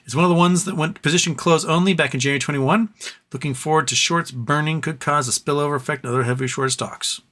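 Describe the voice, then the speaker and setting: This livestream host reads out chat comments and responds to each, clearly tired and losing his voice. He's a fast talker with a slightly high pitch and a sharp tone.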